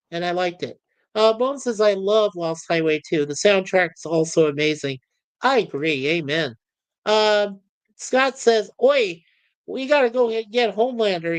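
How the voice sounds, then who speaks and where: A man's voice: high-pitched, smooth, no room sound. A man hosting a live stream, chatting casually and reading viewer comments aloud in a rambling, easygoing way, laughing easily.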